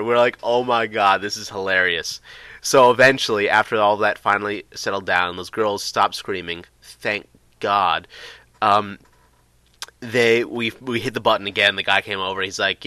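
A man with a low-set but bright, forward voice recounts a personal story in a loose, casual way. He rambles, full of "like" and "uh," and the recording is dry and close. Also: moderate pace, clear, resonant tone, no room sound. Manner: rambling, filler-heavy, excitable retelling.

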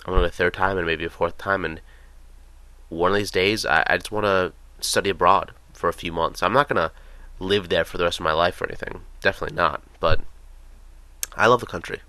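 A man's voice: deep voice, a little fast, sharp tone, no echo. A young American man telling casual, rambling stories in a chatty way, with many fillers. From United States. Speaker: vlogger. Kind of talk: casual storytelling.

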